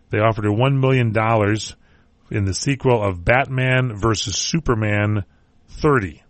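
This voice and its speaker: A man's voice: fairly low pitch, no echo. A man hosting a talk radio show, chatting casually and joking about entertainment news. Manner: wisecracking, rambling.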